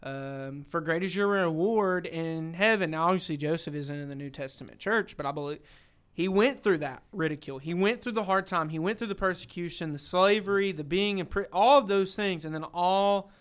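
A young man, co-hosting a church podcast in a casual, animated Bible discussion, acting out quotes as he goes. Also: high-pitched, normal speed, clean tone. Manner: animated, acts out quotes, says "dude".

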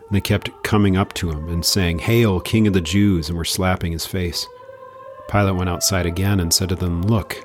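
A man reads a long scripture passage aloud in a measured, unhurried way. His voice sits very low. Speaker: scripture reader. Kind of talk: Bible reading.

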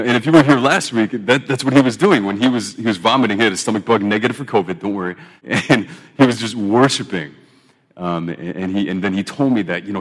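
A man in his thirties preaching a sermon in a relaxed, conversational way, often restarting his phrases. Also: fairly low pitch, in a large hall. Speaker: pastor.

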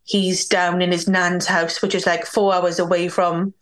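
A young Welsh woman, a guest on a podcast, candidly tells a personal story in a lowish, level voice at a measured pace. She says "like" a lot and acts out what other people said.

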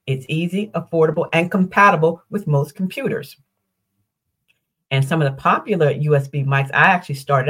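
Upbeat older woman hosting a podcast. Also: low-pitched. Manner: upbeat, explanatory, rhetorical questions and lists. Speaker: podcast host. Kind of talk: solo podcast teaching.

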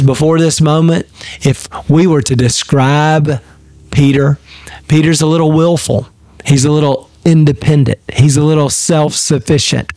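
Give me a male pastor with a slightly high voice, reading and teaching scripture in a measured, earnest devotional, recorded dry. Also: a little mellow, no room sound. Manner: earnest, measured, repeats phrases for emphasis.

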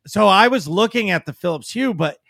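A man's voice: high-pitched, expressive, fairly quick, vocal fry, a bit bright, no echo, studio quality. A man co-hosting a casual podcast, talking bluntly and swearing freely. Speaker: podcast co-host and streamer. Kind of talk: casual chat.

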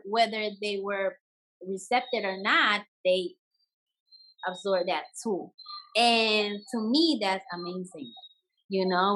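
Speaking in a mid-range, slightly bright voice, a bomba dancer shares personal stories as an interview guest. Her first language is Spanish, so Spanish words pop up; she frequently starts over and laughs along the way. The recording quality is poor.

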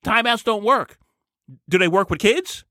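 Male vlogger, high and bright voice, dry close recording, emphatic opinion monologue with lots of repetition. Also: unhurried, no room sound. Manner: emphatic, repeats key phrases.

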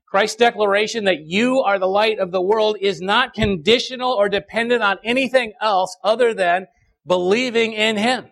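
A male pastor, preaching a sermon with emphatic repetition and dramatic pauses. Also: high voice, vocal fry, fairly bright tone.

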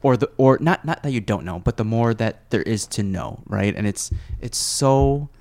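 A man's voice: mid-range voice, animated, moderate pace, darkish tone. A man hosting a casual interview, who also teaches EMS. He asks questions, reflects aloud and often restarts his sentences.

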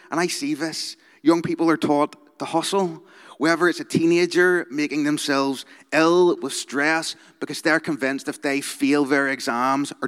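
A man's voice: medium pitch, a bit bright, clear, resonant tone. Northern Irish man preaching in a hall. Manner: conversational, keeps checking in with "okay?" and "right?". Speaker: youth worker giving a talk. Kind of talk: informal sermon talk.

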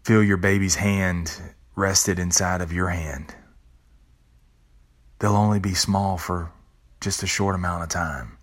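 This middle-aged podcast host speaks low and slowly, with fairly even intonation and long pauses. His reflective monologue is earnest but full of casual, blunt swearing, restarts, and repeated words.

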